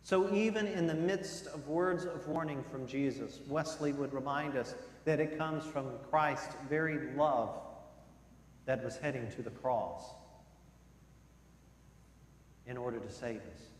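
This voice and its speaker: A male pastor preaching a sermon, swinging between loud emphasis and soft, low passages. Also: measured pace. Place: church sanctuary. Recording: echoey church hall with long reverb.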